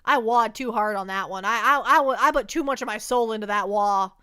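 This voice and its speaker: Bright high-voiced woman streamer. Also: fairly quick, smooth. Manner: playful, rambling, reads chat aloud. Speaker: livestreamer. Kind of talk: casual livestream chat. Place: at a desk at home.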